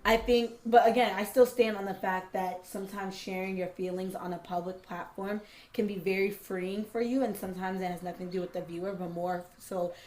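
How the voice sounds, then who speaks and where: A woman co-host in casual podcast talk, thoughtful and often laughing. Her voice sits at a middle pitch for a woman. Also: fairly even intonation, darkish tone. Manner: thoughtful, laughs while talking, quick bursts. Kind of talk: casual chat.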